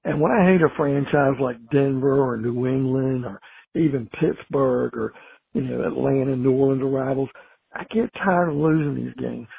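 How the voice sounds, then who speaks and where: A man's voice: medium pitch, normal speed, creaky, slightly rough, dry recording. A male caller phoning in and rambling wearily about his frustration with his team. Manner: weary, rambling. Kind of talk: call-in fan complaint. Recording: tinny phone line.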